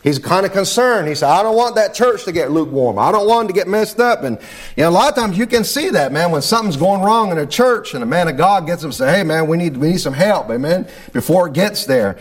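A man's voice: high voice, expressive, fast. A man preaching a sermon, praying aloud and repeating "amen" and "Lord God" in a fervent cadence. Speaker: pastor. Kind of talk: sermon with spoken prayer.

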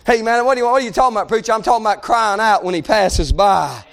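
A male preacher with a strikingly high-pitched voice delivers a fervent sermon. He swings from shouted calls to quiet, hushed readings of scripture. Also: fast, creaky, hardly any pauses.

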